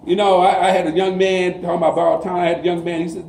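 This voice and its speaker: A man's voice: high-pitched, little pitch movement, fast talker, gravelly, a little mellow, distant mic, a little hiss or hum. A man in his sixties, a group counselor, giving a talk to an audience in a folksy, preacher-like storytelling way. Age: 60s. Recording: echoey hall, voice heard from afar.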